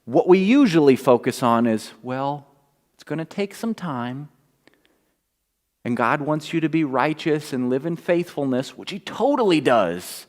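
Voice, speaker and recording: A middle-aged man delivering a sermon as pastor, animated and swinging from quiet asides to near-shouting. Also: a little high, a little slow. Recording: long reverb.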